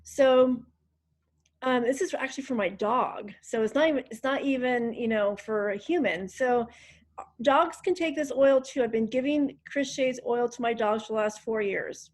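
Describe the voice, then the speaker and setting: A woman with a fairly high voice hosts a group call from a hotel room. She talks casually and chattily, filling her pauses with ums. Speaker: host of a group wellness call. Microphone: online group call.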